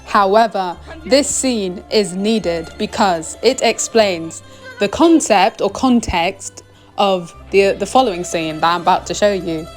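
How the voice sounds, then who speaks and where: Chatty young woman, mid-pitched, rambles casually through an anime review, faint music underneath. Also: measured pace. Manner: rambling and chatty, full of "like" and "oh my gosh".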